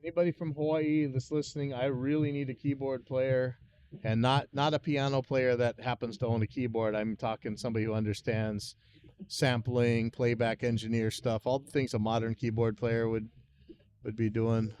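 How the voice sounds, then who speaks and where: A man's voice: medium pitch, flat delivery, moderate pace, a little mellow, a little hiss or hum. A man hosting a live stream, rambling and muttering to himself in a self-deprecating way as he works through a music session at his computer. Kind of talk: casual thinking-aloud commentary while working.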